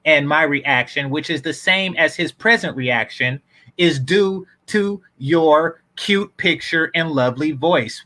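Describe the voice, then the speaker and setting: A man's voice: fairly high pitch, slow pace, sharp tone. A man hosting a casual reaction commentary, breaking into sarcastic, exasperated asides between clips.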